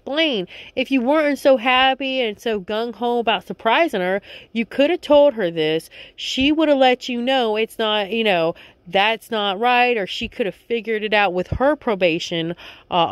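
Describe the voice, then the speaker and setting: A woman's voice: fairly high pitch, no room sound. A woman casually recapping a reality show episode, rambling and chatty, with lots of filler words.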